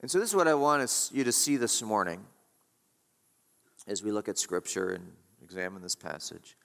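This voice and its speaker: Pastor preaching in a reverberant hall. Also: male voice, fairly low pitch, normal speed, vocal fry, a bit bright. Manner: rhetorical questions, emphatic repetition. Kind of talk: sermon.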